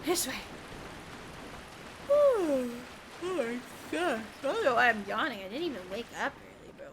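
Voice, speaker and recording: A woman's voice: high-pitched, sing-song, unhurried, background noise. A young woman streaming a video game, chatting casually, laughing often, swearing freely and joking about herself. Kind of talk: casual gameplay commentary.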